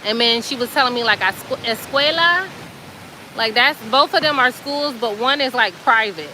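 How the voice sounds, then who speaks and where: Brief: woman host, high-pitched and colloquial, animated storytelling with fillers. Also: moderate pace, a little hiss or hum, rough recording. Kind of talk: casual chatty storytelling.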